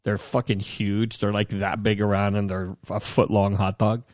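A man's voice: on the low side, little pitch movement, normal speed, darkish tone, no echo, studio quality. A man hosting a podcast, talking in a loose, joking way and swearing freely. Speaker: podcast host. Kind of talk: casual podcast chat.

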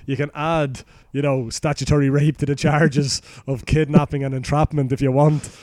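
A man's voice: a little high, little pitch movement, normal speed, a little mellow, no echo, studio quality. A man with an Irish accent retelling a fairy tale in crude, rambling, sweary casual chat. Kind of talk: casual comic storytelling.

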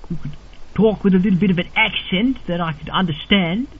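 A man's voice: high-pitched, fairly quick, husky. Man putting on a posh English gent. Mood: politely creepy. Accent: put-on posh English. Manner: overly polite, formal, insistent. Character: posh English gentleman caller, polite and unhinged. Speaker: prank caller. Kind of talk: prank phone call. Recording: dull lo-fi recording with faint noise.

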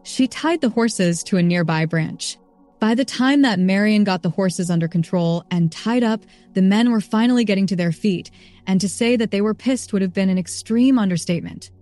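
A woman narrating a story in an even, steady reading voice. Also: medium pitch, normal speed, faint music behind. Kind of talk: scripted narration.

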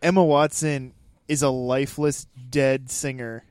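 A man co-hosting a movie podcast, teasing his partner with quick quips. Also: mid-range voice, fairly even intonation, darkish tone, clean tone, dry recording, clean studio sound. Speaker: podcast co-host. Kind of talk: casual movie chat.

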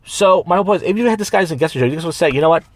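A man's voice: a little high, expressive, rapid-fire, no echo. A man who hosts a podcast and does open mic comedy, telling long stories in casual chat full of restarts and quoted voices. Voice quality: rambling storyteller with many restarts and quoted voices. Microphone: studio microphone.

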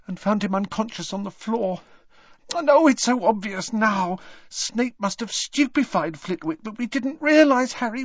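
A man's voice: extremely high pitch, no echo, lo-fi sound, pitched above the performer's own voice, full character voice. A man voicing a clever teenage girl who is upset and near tears, her voice breaking as she speaks. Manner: tearful, breaking voice.

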